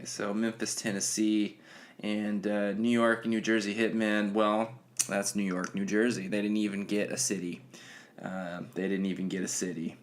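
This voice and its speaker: A man with a hoarse voice hosting a casual solo podcast, rambling with lots of fillers and restarts. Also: on the low side. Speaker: podcast host.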